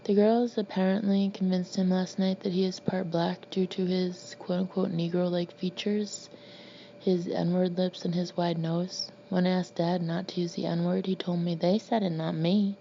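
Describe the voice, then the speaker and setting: A woman reads her own memoir as audiobook narration, her gravelly voice dry, sardonic, and deadpan yet warm and low-key. She speaks at a normal speed, and the recording is slightly muffled with a faint hiss behind her.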